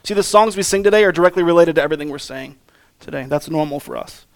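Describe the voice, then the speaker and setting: A man in his thirties delivers a sermon as the pastor. His voice sits fairly high and sounds smooth and resonant. He talks earnestly, in a conversational way, weaving in personal stories. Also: steady tone, quick pace.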